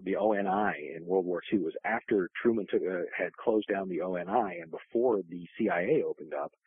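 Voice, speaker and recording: A man with a very low, gravelly voice tells long family stories, circling back with restarts and fillers. His voice comes through a tinny phone line, dry and close. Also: dry recording. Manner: rambling, many restarts and fillers. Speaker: guest author. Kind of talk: casual storytelling interview.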